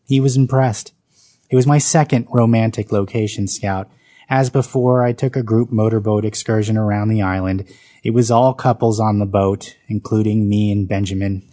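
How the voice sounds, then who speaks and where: A man's voice: on the low side, dark tone. A man reading his own autobiographical story aloud, with dry comic timing.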